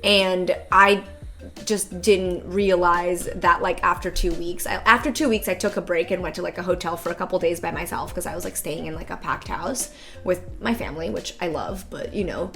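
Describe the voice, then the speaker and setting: A woman's voice: fairly low pitch, moderate pace, vocal fry, a bit bright, soft background music. Rambling woman full of fillers. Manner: rambling, many fillers, casual swearing. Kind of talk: casual chat.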